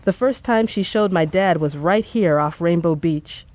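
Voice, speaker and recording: A narrator voicing a grieving, defiant young woman in an audiobook, speaking in sharp, curt retorts. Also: mid-range voice, unhurried, lightly acted. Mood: wry. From Chicago, Nigerian parents.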